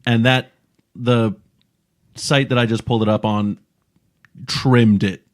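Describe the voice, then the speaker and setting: A man hosting a podcast in casual chat, relaxed and laughing along as he reads things out. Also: mid-range voice, takes it slowly.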